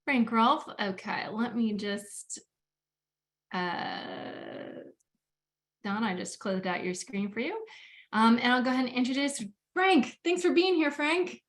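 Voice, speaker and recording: A woman's voice: a little high, takes it slowly, a bit bright. A woman hosting a webinar over a video call, talking in a chatty, friendly way with frequent "um" fillers. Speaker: webinar host.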